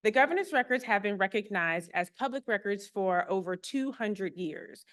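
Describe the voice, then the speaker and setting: A woman's voice: medium pitch, expressive, moderate pace, fairly bright tone. A woman archivist giving a public talk to a live audience, friendly and explanatory with a light touch of humor.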